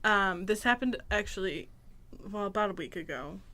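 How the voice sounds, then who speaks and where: A woman co-hosting a casual podcast, telling an exasperated story in an animated way. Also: mid-range voice, normal speed. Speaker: podcast co-host. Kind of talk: casual chat.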